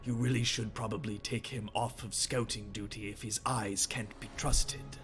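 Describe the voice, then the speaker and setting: A man voicing a skeptical male orc tribesman who gives low, confiding advice. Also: fairly even intonation, normal speed, over music, natural voice. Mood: doubtful.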